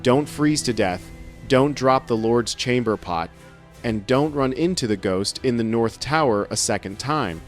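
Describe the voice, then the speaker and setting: A man's voice: mid-range voice, lively intonation, a little slow, soft background music. A man giving scripted first-person narration with a wry, sardonic humor.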